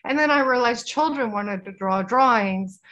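A woman's voice: fairly high pitch, normal speed, dull audio. A woman guest on a podcast, chatting casually in an earnest, rambling way about spiritual matters. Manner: rambling, earnest, soft-spoken spiritual talk. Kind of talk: casual interview chat.

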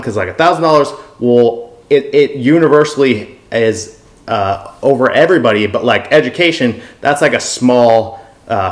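A man's voice: medium pitch, reverberant. A man in casual podcast talk, rambling and thinking aloud with many fillers.

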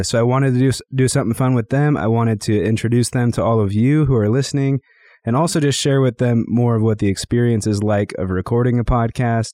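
Low, mellow-voiced male podcast host. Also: no echo, studio quality. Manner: relaxed, chatty, retells stories with quoted voices. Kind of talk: casual podcast chat.

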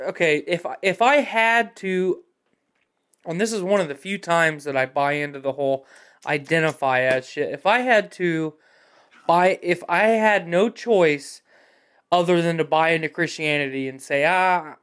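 A man's voice: fairly high pitch, a bit bright, clear, resonant tone. A man in casual chat, blunt and profane and opinionated.

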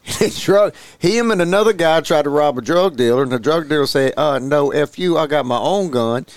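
A man's voice: on the high side, lively intonation, moderate pace, dry recording. Blunt, crude male podcast co-host. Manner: blunt, crude, laughing storyteller. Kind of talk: casual chat.

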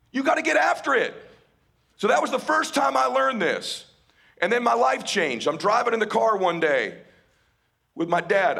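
Raspy, high-pitched impassioned man speaking. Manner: impassioned, swings from shouting to hushed. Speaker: motivational speaker. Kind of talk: live motivational talk.

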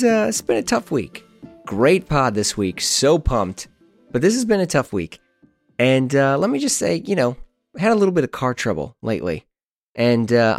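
A man in his thirties, a podcast host, telling a casual story in an animated, self-deprecating, rambling way. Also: mid-range voice, dry recording.

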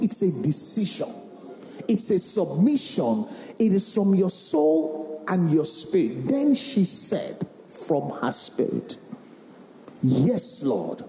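A man, a pastor giving an animated sermon and firing questions at the congregation. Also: sits high. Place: large worship hall. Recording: echoey hall with faint music.

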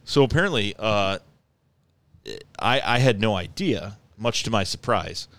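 A man with a lowish, smooth, resonant voice tells a story in casual conversation. He rambles and restarts, grows animated as the story builds, and laughs along the way. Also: measured pace, no room sound. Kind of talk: casual chat, telling a story.

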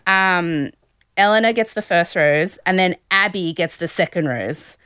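A young woman chats through a reality show recap, gossipy and quick to laugh, slipping into little acted-out quotes. Her voice sits mid-range, and the sound is dry and close with no room echo. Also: on the low side, bright, forceful tone, smooth. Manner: chatty, gossipy, laughs often, acts out quotes. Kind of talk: casual chat.

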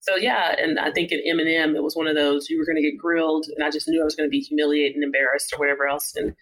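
Surgeon guest, casual storyteller, mid-pitched, lively retelling with voiced quotes. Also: rapid-fire, poor audio. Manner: animated, acts out quoted dialogue in the telling. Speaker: surgeon and author, podcast guest.

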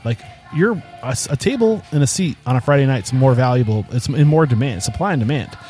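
Podcast host: man with a mid-range voice, conversational and halting, faint music underneath. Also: medium pitch, animated, dark tone. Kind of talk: casual interview.

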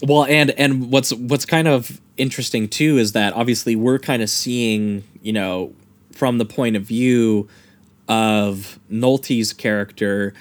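A man's voice: mid-range voice, steady tone, slow pace. Man breaking down film scenes. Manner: detailed, analytical retelling of scenes. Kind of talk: casual film discussion.

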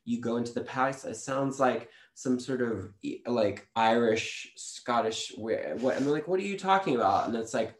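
A man who is a guest on a podcast, telling spiritual stories in a halting way with many restarts. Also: medium pitch, steady tone, roomy sound. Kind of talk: casual spiritual storytelling.

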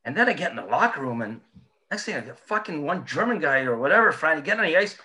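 A man spins stories in casual chat, his voice bright and lively as it leaps around. He swears freely and laughs as he goes. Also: fairly high pitch, fast talker. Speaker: former hockey player telling stories.

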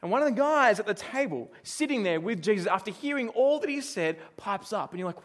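A middle-aged man with a high, light voice preaches to a congregation. His manner is chatty and anecdotal, and he stops now and then to put questions to his listeners. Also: expressive, fast, few pauses, a bit bright. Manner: conversational, storytelling, asks the congregation questions. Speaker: pastor. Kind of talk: sermon.

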